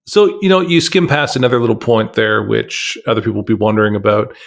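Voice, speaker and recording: Gravelly-voiced male podcast host. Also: fairly low pitch, fast talker. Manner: loose, meandering questions with restarts. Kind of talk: casual interview chat.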